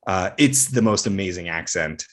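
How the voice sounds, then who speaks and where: A Canadian man with a low, expressive voice and a General North American accent chats at a moderate pace as a podcast guest about his acting work. It's a casual conversation, and he's a chatty storyteller who uses lots of fillers.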